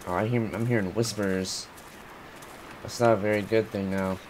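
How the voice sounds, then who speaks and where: A man playing a horror game and commenting as he goes, jumpy and quick to swear, thinking out loud about what he sees. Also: fairly low pitch, fairly even intonation, slight background noise. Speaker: gaming channel host.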